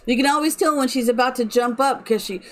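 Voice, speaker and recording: A middle-aged woman chatting slowly while streaming a building game at home, talking sweetly to her cat. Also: high-pitched, rough recording. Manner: slow and chatty, cooing baby talk to her cat. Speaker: live streamer. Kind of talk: casual game-stream chat.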